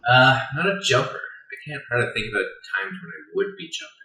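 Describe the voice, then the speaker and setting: A man co-hosting a podcast in casual chat, talking quickly and often checking for agreement with "right?". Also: mid-range voice, lively intonation, sharp tone, reverberant, low-quality recording. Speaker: podcast co-host.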